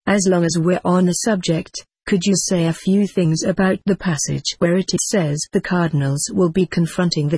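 A text-to-speech voice narrating an audiobook with a flat, even synthetic delivery. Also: mid-range voice, husky, no room sound.

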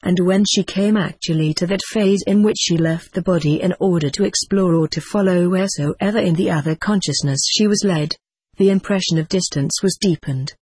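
Low husky woman narrating a book. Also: normal speed, darkish tone, no echo. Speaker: audiobook narrator. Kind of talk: scripted narration.

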